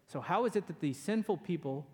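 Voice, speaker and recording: A man's voice: a little high, animated, a little fast, long reverb tail. A man preaching a sermon in a conversational way, often tossing in "right?" as he explains Scripture. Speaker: pastor.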